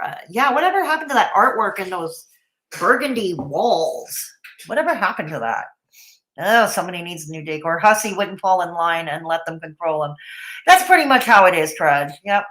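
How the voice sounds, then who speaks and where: A woman's voice: mid-range voice, fairly bright tone. A woman hosting a casual livestream, blunt and opinionated, greeting chat viewers by name between comments. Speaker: livestream host.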